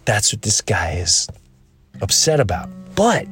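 A man's voice: on the low side, big pitch swings, measured pace, fairly bright tone, soft background music. A man hosting a podcast, talking in an earnest, rambling way and acting out the people he quotes. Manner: acts out quoted voices. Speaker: podcast host. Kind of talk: casual monologue.

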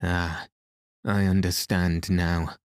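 A man's voice: deep voice, level tone, slow, clear, resonant tone, dry recording, clean studio sound. A man reading the lines of a menacing, jealous masked man in an audiobook, with a threatening delivery.

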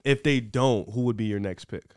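A man with a middle pitch and a dry, close sound chats about football on a podcast, tossing in short slangy remarks and questions in a relaxed way. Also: moderate pace, clear, resonant tone, dry recording. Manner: laid-back, slangy, chiming in with short remarks. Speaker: podcast co-host. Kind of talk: casual sports talk.

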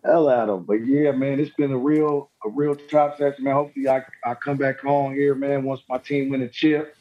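A man, a former pro basketball player, telling stories in a relaxed, slangy way and laughing often. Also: mid-range voice, moderate pace, dull audio. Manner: laid-back, slangy, laughing storyteller. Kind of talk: casual storytelling chat.

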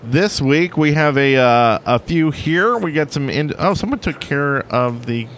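Male podcast host, rambling and laughing, pitch swinging widely, a slightly high voice, faint hiss behind. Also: expressive, a little slow, a bit bright. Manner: rambling, laughs often, thanks sponsors. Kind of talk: casual chat.

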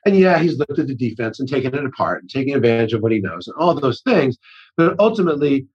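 Husky middle-aged man, rambling talk. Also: medium pitch, very animated, fast, a little mellow, dull audio. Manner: rambling, restarts sentences often. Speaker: actor-director guest. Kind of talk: casual conversation.

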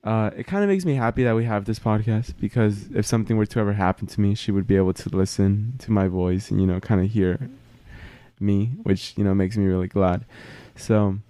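A young man co-hosting a casual podcast, speaking softly and hesitantly with many fillers. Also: fairly low pitch, brisk, clean tone, dry recording. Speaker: podcast co-host.

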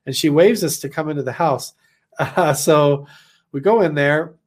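A man from Idaho telling a personal story about his missionary days in a casual, animated way, full of "like" fillers. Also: a little high, moderate pace. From Idaho, USA. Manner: animated, rambling, heavy on "like" fillers.

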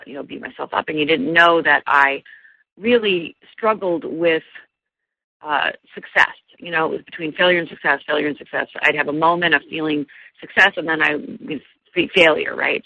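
A woman's voice: sits low, no room sound. A woman, a life coach, earnestly telling a personal story in an interview, with many fillers and restarts. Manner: earnest, many fillers and restarts, mimics voices when quoting. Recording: dull lo-fi radio sound, dry.

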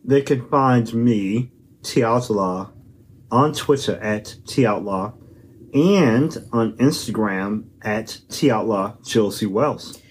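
A man's voice: on the low side, slow pace, slight background noise. A man co-hosting a podcast, joking and teasing in casual banter with a mock-stubborn streak. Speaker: podcast co-host.

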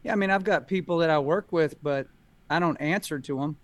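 A man's voice: fairly high pitch, brisk, fairly bright tone, dry recording. Folksy middle-aged man, dry close sound. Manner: folksy, drawling storyteller. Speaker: guest, country singer. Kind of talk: casual talk show chat.

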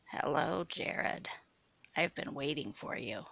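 A woman voicing a supernatural young woman, a menacing predator who speaks in a coarse, raspy whisper. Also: sits low, animated, takes it slowly, a bit bright, no echo, voice pushed down, heavily acted.

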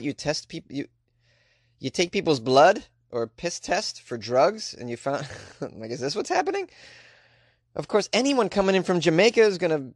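A man's voice: a little high, no echo, clean studio sound. A man hosting a comedic weird-news podcast, reading stories and riffing on them sarcastically. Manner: sarcastic, jokey, puts on silly voices. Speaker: podcast host.

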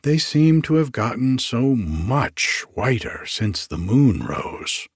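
A man's voice: medium pitch, big pitch swings, takes it slowly, slightly rough, no echo, studio quality, heavily acted. A man reading a story, voicing a lean, sorrowful young man who talks in a plaintive, dreamy way.

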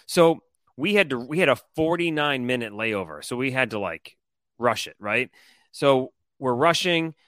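Bright-voiced man telling a story. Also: mid-range voice, normal speed, dry recording, studio quality. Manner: animated, profane, rambling. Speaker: co-host. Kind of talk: casual podcast storytelling.

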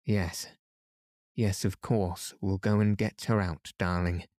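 A man reading aloud and voicing a gentle, tired aunt who soothes a sick child, speaking softly and slowly. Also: lowish voice, dry recording, clean studio sound. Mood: soothing.

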